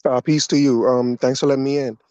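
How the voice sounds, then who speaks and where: A hesitant male caller feeds in his point with frequent "um"s. His voice is mellow and flat, and it comes through a dry, dull call line. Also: mid-range voice, brisk, clear, resonant tone, no echo. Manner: hesitant, many "um"s.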